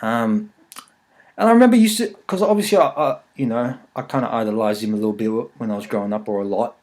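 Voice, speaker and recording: A man's voice: mid-range voice, fast, darkish tone. Profane rambling man. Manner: rambling, profane, jokey storytelling. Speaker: podcast host. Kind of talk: casual chat.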